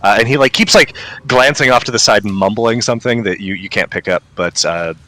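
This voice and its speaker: Bright, hesitant game master man. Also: fairly low pitch, poor audio. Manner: halting, with many ums and restarts. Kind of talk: narrating a tabletop game.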